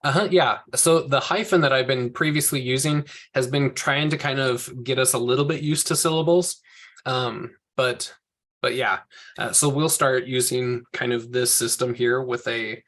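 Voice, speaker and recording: A man's voice: medium pitch, creaky, fairly bright tone. A man teaching a group language lesson, explaining patiently step by step and correcting himself as he goes. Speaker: Hebrew teacher.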